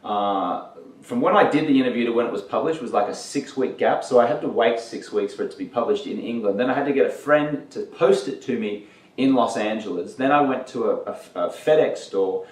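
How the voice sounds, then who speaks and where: A man's voice: mid-range voice, a little fast, reverberant, recorded from a distance, low-quality recording. A man being interviewed as a guest, telling his career anecdotes in an easygoing, casual way and acting out what people said. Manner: anecdotal, easygoing, acts out quotes. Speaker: guest, entertainment journalist.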